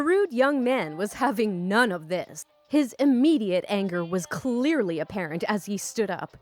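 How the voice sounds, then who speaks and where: A woman's voice: mid-range voice, very animated, moderate pace, hardly any pauses, faint music behind. A woman hosting a storytime channel, reading Reddit stories aloud in a bubbly, chatty way.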